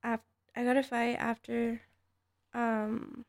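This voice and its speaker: Woman, casual podcast guest, gravelly, flat delivery, dry close sound. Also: fairly high pitch, slow pace, no echo. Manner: hesitant, many fillers and restarts. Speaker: guest, MMA fighter.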